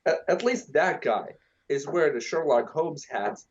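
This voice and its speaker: A man's voice: on the high side, animated, normal speed, muffled recording. A young man co-hosting a meme podcast, joking crudely and rambling in casual chat over a voice call. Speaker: podcast co-host.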